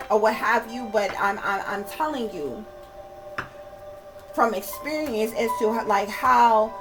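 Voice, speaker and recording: A woman's voice: a little high, rough recording. A woman hosting her channel, ranting casually to viewers in an emphatic, profane, repetitive way and calling them y'all. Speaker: channel host and psychic reader. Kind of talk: casual rant to camera.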